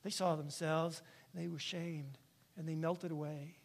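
A man's voice: a little high, level tone, measured pace, creaky. A male pastor preaching a sermon in church, emphatic and repetitive, often checking in with "right?".

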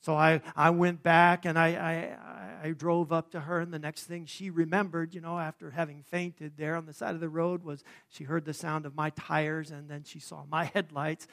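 A man preaching a sermon, praying and then telling a story dramatically, swelling loud and dropping to a hush. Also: on the high side, little pitch movement, normal speed, gravelly, hardly any pauses. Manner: dramatic, swelling and hushing by turns. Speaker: pastor.

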